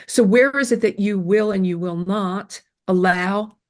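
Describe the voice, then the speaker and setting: A woman's voice: medium pitch, unhurried, darkish tone. A middle-aged woman giving earnest self-esteem advice in an interview, emphatic and repetitive, with fillers and restarts. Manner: emphatic, repeats phrases, many fillers and restarts.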